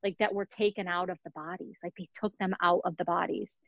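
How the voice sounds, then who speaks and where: A woman's voice: on the low side, fairly even intonation, brisk, vocal fry, no room sound, highs cut off. A woman hosting a casual true-crime podcast chat, talking loosely with lots of fillers and giggles. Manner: chatty, many fillers and giggles. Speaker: podcast host.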